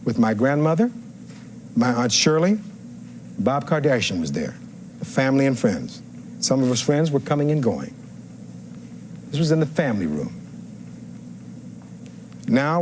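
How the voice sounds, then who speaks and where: A man's voice: mid-range voice, a little mellow, a little hiss or hum. A man giving a courtroom closing argument as defense attorney, reading testimony aloud and firing rhetorical questions at the jury.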